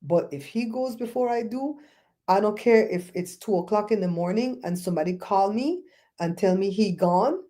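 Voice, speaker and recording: A woman's voice: medium pitch, normal speed, warm tone. A middle-aged woman hosting a casual talk show, ranting bluntly and telling stories with mocking quoted voices. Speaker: host.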